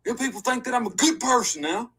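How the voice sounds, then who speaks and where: A man's voice: extremely high pitch, animated, fast talker, voice pushed up, heavily acted. A man voicing a rowdy young grandson who trash-talks his grandmother in a comedy skit. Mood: rough. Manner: rough, loud trash talk.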